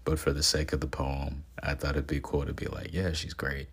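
A young man of twenty with an extremely low, rumbling voice talks in an even, flat tone with little rise and fall. He rambles through his thoughts with fillers and restarts. His manner stays earnest and sentimental. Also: brisk, creaky, breathy edge. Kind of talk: casual reflective talk.

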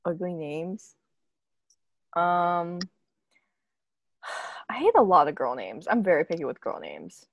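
A woman's voice: lowish voice, sing-song, slow, pauses often. A young woman co-hosting a podcast, chatting casually and playfully with a friend and giggling often. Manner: giggly, playful, spells words out loud. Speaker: podcast co-host. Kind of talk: casual chat.

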